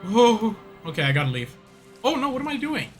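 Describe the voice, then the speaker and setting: A man's voice: high-pitched, big pitch swings, normal speed, soft background music. A man streaming a game, rambling casually, laughing and mocking himself. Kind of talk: casual gameplay commentary.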